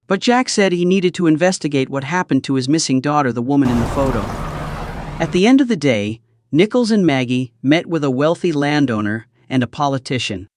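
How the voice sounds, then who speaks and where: Male recap narrator, animated scripted storytelling, close dry read. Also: fairly high pitch, a little fast, no room sound.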